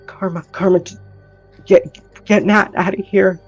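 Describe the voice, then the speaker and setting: A man's voice: high-pitched, flat delivery, unhurried, muffled recording, soft background music, voice pushed up. A man voicing a frightened young man haunted by voices, pleading in a shaky, strained tone. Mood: scared pleading.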